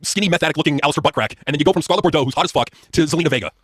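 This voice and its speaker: A man's voice: on the high side, fairly bright tone, husky, dry recording, studio quality. A man co-hosting a wrestling podcast, blunt and swearing. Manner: blunt, swearing, quick to laugh. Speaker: podcast co-host. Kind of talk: crude wrestling news banter.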